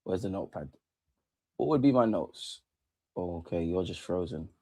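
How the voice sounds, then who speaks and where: Excitable man reacting to football. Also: deep voice, normal speed. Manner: excitable, swears a lot, shouts at goals; mutters quietly to himself between outbursts. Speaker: watch-along host. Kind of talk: live football watch-along reaction.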